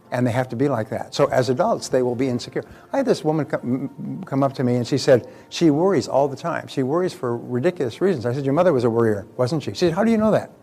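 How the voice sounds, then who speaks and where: A man's voice: mid-range voice, darkish tone. An older man giving a motivational talk in a conversational way, telling stories and repeating words as he goes. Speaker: motivational speaker.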